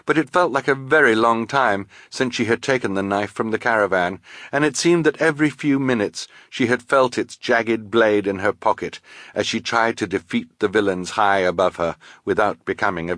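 Audiobook narrator, man, low and measured, dry booth. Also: a bit bright, no room sound. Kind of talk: scripted narration.

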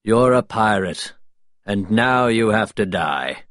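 A stern, fussy older governor, as a male storybook reader puts him on, measured and grave, a bit lower than the reader's own voice, close and dry. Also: expressive, a bit bright, no room sound.

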